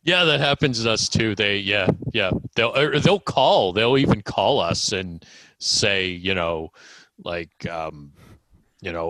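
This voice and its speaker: Deep bright-toned rambling man. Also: unhurried, slight background noise, low-quality recording. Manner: rambling, many fillers and restarts. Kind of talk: casual chat.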